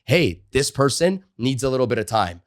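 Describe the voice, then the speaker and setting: A man's voice: medium pitch, moderate pace, dry recording. Male sales coach guest on an interview show, storytelling with energy, casual fillers, mid-range voice, dry close-miked sound. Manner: animated storyteller, frequent "like" and "you know" fillers. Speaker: sales trainer and author, podcast guest.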